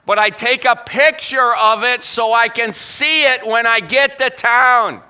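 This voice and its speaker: A middle-aged man preaching a sermon as pastor, telling folksy stories and slowing down to quote scripture. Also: very high voice, sharp tone, smooth.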